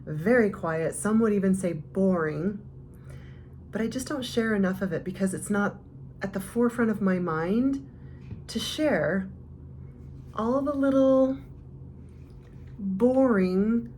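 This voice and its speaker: A woman's voice: mid-range voice, takes it slowly, long pauses, a little mellow, a little hiss or hum. A woman vlogger in casual, reflective talk straight to her viewers, heartfelt and rambling.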